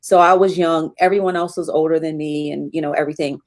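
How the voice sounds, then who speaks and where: A woman's voice: low-pitched, fairly even intonation, fast. A middle-aged woman telling a candid personal story as an interview guest, with many fillers.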